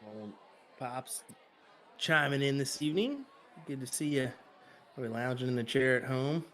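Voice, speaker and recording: A man with a Kansas accent calls a darts match live. He is easygoing and steady, with plenty of "you know" and "uh" between his thoughts. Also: mid-range voice, moderate pace, some chatter behind, a little hiss or hum. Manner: easygoing, steady, with filler words. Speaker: darts commentator. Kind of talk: live sports commentary.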